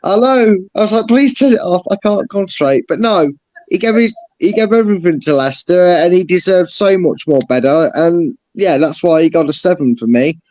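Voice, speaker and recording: A man talks about his favourite football player in a gushing, emotional way, tripping over restarts as he goes. His voice sits a little high, and the audio is dry and slightly dull. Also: normal speed, darkish tone, no echo. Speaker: fan channel co-host rating players. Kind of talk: casual chat.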